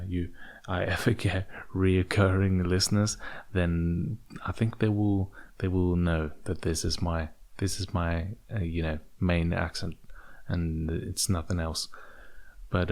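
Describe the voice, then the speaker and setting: A young man hosts a solo podcast in a deep, gravelly, darkish voice. English isn't his first language, and he rambles in a put-on British accent with many fillers and restarts.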